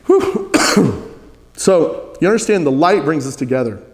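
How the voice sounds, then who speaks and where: A man's voice: fairly high pitch, lively intonation, unhurried, long reverb tail. A man teaching a spiritual practice, earnest, leading listeners in repeated chants.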